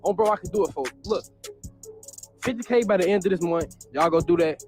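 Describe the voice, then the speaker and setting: Hyped young man over loud music. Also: high-pitched, brisk. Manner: slangy, hyped, repeats "you feel me". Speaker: content creator. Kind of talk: casual vlog talk to viewers. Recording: music playing under voice.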